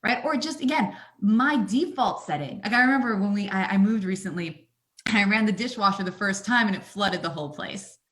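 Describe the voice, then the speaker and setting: An energetic woman guest on a talk show, speaking at a middle pitch. She tells stories with animated emphasis and keeps pressing her points with lively conviction. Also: fairly quick. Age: adult, mother of young children. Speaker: guest, coach.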